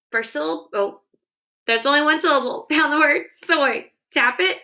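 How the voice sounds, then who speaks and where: Woman teacher, bright clear tone, patient and encouraging, sounds out syllables for young children. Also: fairly high pitch, lively intonation, moderate pace. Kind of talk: phonics lesson for young children.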